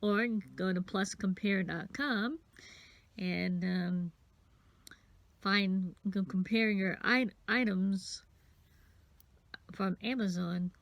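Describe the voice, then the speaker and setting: Slow, gravelly woman rambling through a craft. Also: medium pitch, no room sound. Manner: rambling, self-interrupting, counting beads aloud. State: sniffly. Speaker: craft vlogger. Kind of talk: casual craft tutorial.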